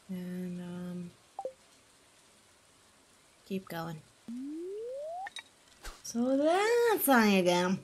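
Playful young woman streamer, slow talker. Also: mid-range voice, sing-song, background noise. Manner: playful and chatty, talking to chat, bursting into gasps and silly sounds. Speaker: game streamer. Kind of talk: casual live-stream chat while gaming.

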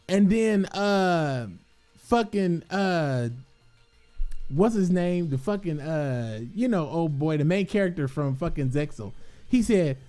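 A man's voice: high-pitched, unhurried, soft background music. A man, a gaming content creator, rambling casually to his viewers with lots of swearing, slang and laughter. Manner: profane, excitable, laughs often, streetwise slang.

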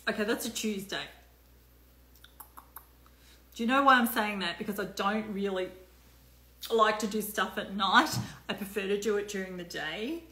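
Chatty woman on a bright, echoey live stream. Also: medium pitch, moderate pace, slight background noise. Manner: chatty and loose, with many fillers, swearing and asides. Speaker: life coach hosting a live stream. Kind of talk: casual live-stream chat.

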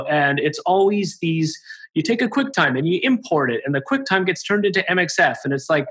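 A man's voice: on the high side, a bit bright, slightly rough. A man guesting on a podcast, chatting loosely and telling work stories with lots of fillers. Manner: chatty storyteller, many fillers. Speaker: guest, assistant editor. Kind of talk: casual podcast conversation.

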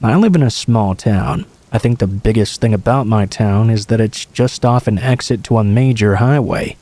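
Mellow-voiced man reading scary stories. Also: mid-range voice. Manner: steady, casual first-person storytelling. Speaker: horror story narrator.

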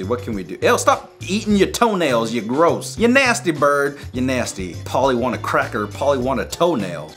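A young man doing casual gameplay commentary as a YouTuber, excitable and joking, with loud exclamations. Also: mid-range voice.

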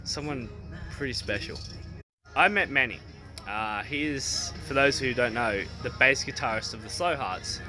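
An Australian man casually vlogging into his phone at an outdoor festival, chatty and quick to swear and laugh. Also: medium pitch, music in the background. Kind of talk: casual selfie vlog. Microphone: phone held at arm's length.

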